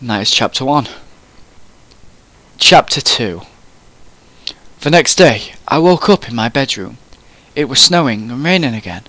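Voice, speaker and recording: A man's voice: medium pitch, animated, unhurried, pauses often, bright, forceful tone, dry recording. Man giving a mock-serious comic reading. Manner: mock-serious, breaking into laughter. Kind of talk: comic dramatic reading of a fan story.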